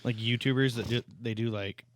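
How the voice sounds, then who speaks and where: A man's voice: medium pitch, fairly even intonation, a little fast, dry recording. A man co-hosting a podcast, laid-back and leading into breaks. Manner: laid-back, steering the talk. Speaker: podcast co-host. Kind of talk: casual podcast banter.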